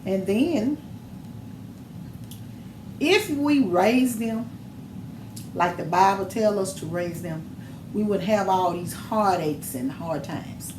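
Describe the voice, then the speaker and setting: A woman's voice: medium pitch, lively intonation, slow pace, long pauses. A middle-aged mother talking on a podcast in an emphatic, preachy storytelling manner. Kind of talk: casual chat. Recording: echoey room with noise.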